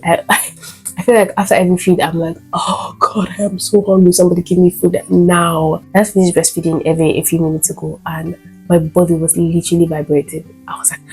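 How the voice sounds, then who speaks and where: A young woman vlogging casually about new motherhood, chatty with many fillers and sudden animated bursts. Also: on the low side, low-quality recording. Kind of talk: casual storytime vlog. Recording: faint guitar music behind.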